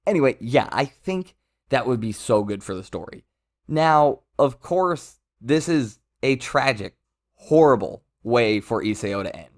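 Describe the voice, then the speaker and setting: A man's voice: mid-range voice, lively intonation, a little slow. A man giving casual commentary as a manga reviewer, rambling with self-interruptions and amused asides.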